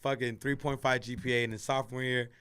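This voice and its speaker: A young man telling stories in a casual podcast chat, profane and animated, acting out the voices of the people in them. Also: mid-range voice, quick pace, clean tone. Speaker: radio personality guest.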